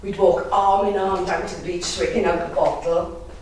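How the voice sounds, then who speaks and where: A woman's voice: lowish voice, steady tone, normal speed, darkish tone, a little hiss or hum, lightly acted. A young Welsh woman from the valleys, performing a teasing, bawdy monologue and laughing often. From South Wales valleys. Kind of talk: dramatic monologue. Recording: echoey room, distant mic.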